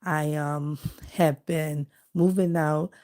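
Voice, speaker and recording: A woman hosting a casual livestream, chatting with viewers in a relaxed, rambling way while she collages. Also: deep voice, slow. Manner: chatty and rambling, greeting viewers, many fillers. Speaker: livestream host. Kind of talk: casual live-stream chat while collaging.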